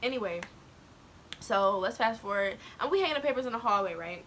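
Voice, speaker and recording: A woman's voice: medium pitch, expressive, brisk, fairly bright tone, slight background noise. A teenage girl talking candidly to the camera, telling a personal story in casual slang and laughing as she goes. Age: teens. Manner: candid, laughs to cope, quotes others, African American slang. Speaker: vlogger.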